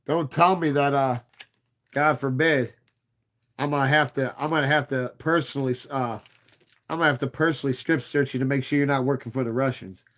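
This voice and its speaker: A man's voice: mid-range voice, fairly even intonation, fairly quick, a bit bright. A man in his thirties hosting a livestream, chatting casually and profanely with viewers in a rambling, playful way. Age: 30s. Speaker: livestream host.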